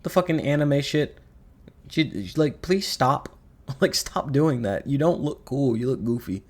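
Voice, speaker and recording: A man's voice: mid-range voice, animated, moderate pace, darkish tone. Sarcastic, profane male reviewer. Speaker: video reviewer. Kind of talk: ranting commentary.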